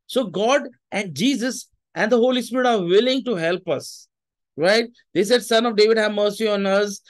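Emphatic high-voiced preacher. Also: male voice, normal speed. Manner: emphatic, repeats phrases, mixes in Hindi asides. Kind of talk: sermon.

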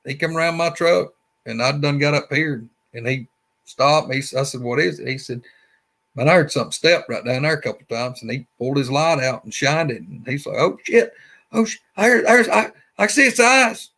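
A man speaks fairly quickly in a creaky, slightly bright mid-range voice. He's a guest with a Southern Alabama accent, casually telling a story in a folksy, rambling way with repetition.

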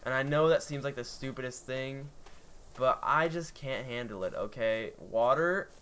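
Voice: medium pitch, moderate pace, fairly bright tone, clear, resonant tone. A let's play gamer giving live gameplay commentary, panicky and shrieking, swearing constantly.

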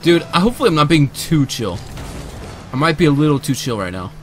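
Excitable man calling his own gameplay. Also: on the high side, fast, slight background noise. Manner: excitable, bursts into shouts and repeated cheers. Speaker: gamer and video creator. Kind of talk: live gameplay commentary. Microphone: desk microphone, sitting close.

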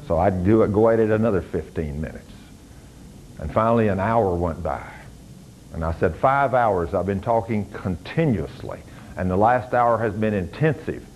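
Fervent older preacher. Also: male voice, on the low side, moderate pace, a little hiss or hum, rough recording. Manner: preaching that rises to loud, fervent commands. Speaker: pastor. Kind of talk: sermon.

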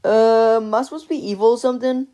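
A man's voice: very high-pitched, steady tone, fast talker, mellow. A man voicing a lazy, offhand cartoon object character in a fan animation. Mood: flippant. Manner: flippant and offhand.

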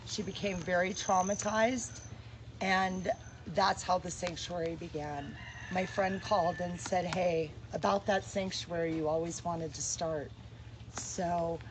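A woman who co-founded an animal sanctuary speaks earnestly and with deep gratitude, then talks outdoors at the sanctuary. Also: background noise. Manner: emotional, grateful, earnest. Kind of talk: heartfelt address, then outdoor tour.

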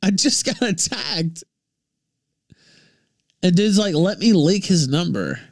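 A man from Memphis, ranting profanely on his livestream, jumping between shouts and low mutters. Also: very animated, slow pace, dry recording, studio quality. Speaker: livestream host.

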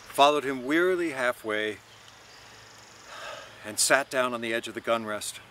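A man reads a classic novel aloud in an expressive, measured way. His voice is bright and forceful. Faint urban noise sits in the background. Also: medium pitch. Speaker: reader. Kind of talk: literary reading aloud.

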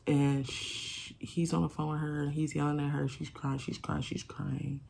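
Gravelly-voiced woman spilling a storytime vlog, cussing, repeats herself a lot, faint hiss behind. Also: sits low, little pitch movement, moderate pace. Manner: candid, swearing, repeats herself, quotes friends dramatically.

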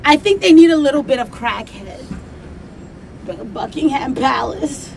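A woman's voice: sits high, lively intonation, unhurried, creaky, a little mellow, poor audio. A woman rehearsing a comic persona, talking in a theatrical, profane way with mock outrage. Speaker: comedic performer.

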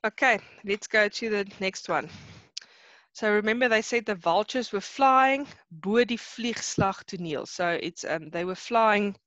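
A woman teaches a class over a video call. She explains a poem slowly and hesitantly, and she often repeats words as she searches for them. The sound is dull and dry, like a computer microphone. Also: medium pitch, a bit bright, no room sound. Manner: explains slowly, mixing in Afrikaans terms. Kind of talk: online lesson explaining a poem.

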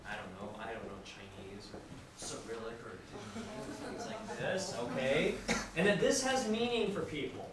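A man lecturing a class. He is animated, asks the students questions, acts out examples, and repeats simple phrases for language learners. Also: medium pitch, moderate pace. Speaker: university lecturer. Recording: distant, very echoey classroom with noise.

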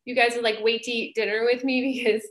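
Chatty woman in her thirties, animated storyteller, roomy sound. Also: a little high, fast talker. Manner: animated, chatty, acts out quoted voices, many fillers. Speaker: Broadway actress guest. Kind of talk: casual storytelling. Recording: roomy echo.

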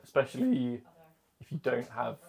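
A man's voice: medium pitch, sing-song, moderate pace, gravelly, a little mellow. A man chatting in an easygoing way in a barbershop.

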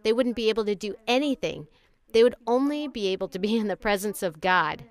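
A woman's voice: medium pitch, lively intonation, a little fast. A woman giving a personal religious testimony in an earnest, emotional way, addressing her listeners as brothers and sisters.

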